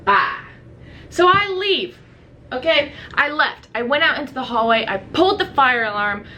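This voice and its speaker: Bright-voiced young woman telling a story. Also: high-pitched, animated, normal speed, a little hiss or hum. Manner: chatty, fills speech with "like", acts out her own past reactions. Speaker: vlogger. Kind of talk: casual storytelling to camera.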